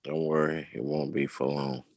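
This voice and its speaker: Man, deep gravelly voice, slow, lively pitch, casual teasing chat. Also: no room sound. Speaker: host.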